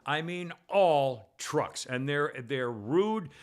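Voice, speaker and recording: A man hosting a podcast, telling a long story in casual chat with many restarts and false starts, getting loud as he gets worked up. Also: on the high side, lively intonation, slow, clean tone. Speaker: podcast host.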